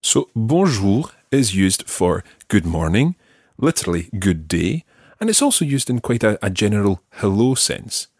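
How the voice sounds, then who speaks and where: A Scottish man leads a language lesson in a husky, low voice. He shapes each French word slowly and carefully so it can be repeated back. The sound is dry and close. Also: very animated, a little mellow, no echo. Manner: slow, careful modelling of French words for repetition. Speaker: language teacher.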